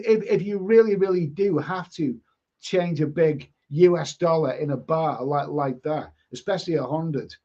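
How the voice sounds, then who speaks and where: Hosting a casual live stream, a man with a fairly high, slightly mellow voice reads viewer comments and spins rambling stories with blunt, mildly sweary asides. The stream audio is dull and lo-fi.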